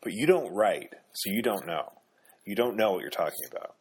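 A man's voice: sits low, expressive, normal speed, slightly rough. A man reading an audiobook, playing a sullen, scornful young male writer who talks curtly and dismissively. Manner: curt and dismissive.

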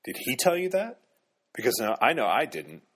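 A man's voice: low-pitched, lively intonation, normal speed, breathy edge. A man reading an audiobook, playing a sullen, scornful young male writer who talks curtly and dismissively. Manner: curt and dismissive.

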